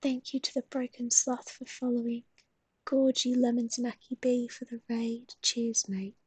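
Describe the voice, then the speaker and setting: A woman's voice: fairly high pitch, flat delivery, measured pace, darkish tone, slightly rough, dry recording. A young adult woman with an Australian accent, chatting casually and affectionately on a live stream, swearing now and then and often dropping to a half-whisper.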